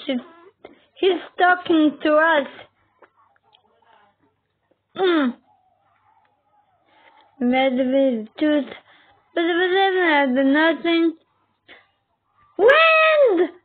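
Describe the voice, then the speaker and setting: High-voiced woman, gushing reaction talk, squeals and whoops, unhurried, muffled lo-fi sound. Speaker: reaction video host. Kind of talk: excited reaction commentary.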